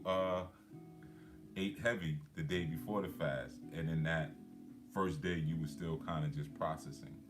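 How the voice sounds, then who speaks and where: A man hosting a live stream, chatting casually and reading out viewer comments in a laid-back way. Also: deep voice. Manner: laid-back, chatty, many fillers, laughs often.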